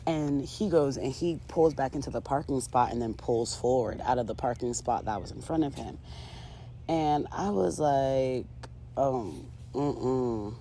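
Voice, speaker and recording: A woman's voice: extremely low pitch, expressive, a little slow, dark tone, slight background noise. A woman recapping a reality show in casual commentary, sassy and chatty with lots of fillers, talking to her viewers as girl and ladies.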